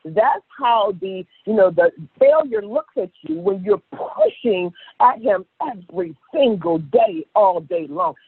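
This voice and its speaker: A woman speaking as a sales director on a motivational conference call, excitable and gushing, often repeating herself. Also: mid-range voice, unhurried, hardly any pauses, husky, no room sound. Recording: tinny phone line.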